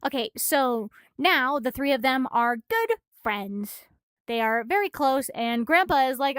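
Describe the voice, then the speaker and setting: A woman streaming a casual manga recap, excitable and swearing freely, a little out of breath. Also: sits high, a little slow, smooth, no room sound.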